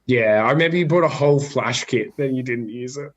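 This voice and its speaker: Husky, teasing co-host. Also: male voice, medium pitch, brisk, lo-fi sound. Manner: teasing, deadpan quips. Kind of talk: casual live-stream chat.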